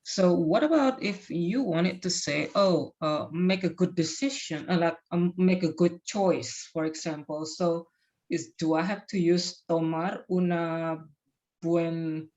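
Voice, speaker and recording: A woman student puts a question to her teacher, hesitating and searching for her words. Her voice sits a little low. The recording sounds dull and muffled. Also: measured pace, darkish tone. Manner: hesitant, with many fillers. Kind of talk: asking a question in class.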